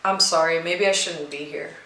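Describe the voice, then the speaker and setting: Quiet, apologetic female veteran full of guilt, voiced by a woman reading a storybook. Bright tone, echoey room. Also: on the low side, fairly even intonation, normal speed. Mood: grieving. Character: grieving female Navy veteran, guilt-ridden, withdrawn.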